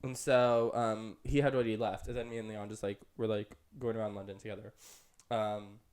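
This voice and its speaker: A man's voice: level tone, brisk, a little mellow. A young man co-hosting a podcast, telling a long story in casual chat with lots of "like" and "um". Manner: chatty, rambling, full of "like" and "um"; jumps up high for quoted voices and laughter. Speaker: podcast co-host.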